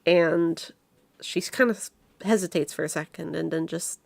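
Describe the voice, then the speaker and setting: A woman's voice: fairly low pitch, measured pace, vocal fry, a little mellow, no echo. A woman narrating as game master of a tabletop game in a casual, hesitant way. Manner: casual, hesitant, lots of fillers.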